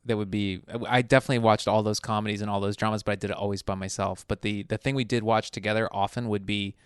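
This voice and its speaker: Smooth-voiced man with a General American accent. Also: on the low side, fairly even intonation, fast, dry recording, clean studio sound. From United States. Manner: thoughtful storytelling, self-reflective. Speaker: television writer, guest. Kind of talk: casual interview.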